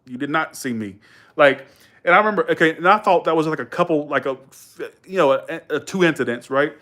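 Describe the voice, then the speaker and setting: Chatting with his stream viewers, a young Georgia man rambles colloquially through a story, restarting, correcting himself, adding asides, and raising his voice when quoting others. He sounds rather high, a bit bright, and a little fast.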